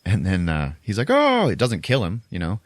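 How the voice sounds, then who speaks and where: A man hosting a podcast and recapping a horror film in a casual way, animated and laughing often. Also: low-pitched, brisk, no room sound, clean studio sound. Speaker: podcast host.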